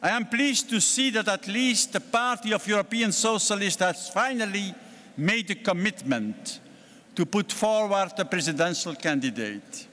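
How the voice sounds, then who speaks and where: An older Belgian-accented man delivers a formal speech as a party president, his voice pitched a little high for a man. He speaks in a measured, deliberate way, leaning hard on key words. His voice rings out with the long reverb of a large congress hall. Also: expressive, pushed and bright. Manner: measured, deliberate oratory with emphatic stresses.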